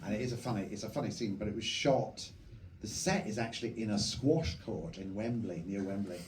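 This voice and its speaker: A film director talking onstage before a live audience, reminiscing in a relaxed, measured way. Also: male voice, on the low side. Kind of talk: onstage conversation. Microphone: stage mic recorded from the audience. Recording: distant, echoey hall recording with faint noise.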